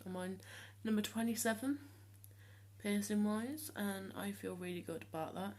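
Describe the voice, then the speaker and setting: A seventeen-year-old vlogger talks casually to the camera in a voice he has deliberately trained lower, with a darkish tone. He's hesitant, full of ums and restarts.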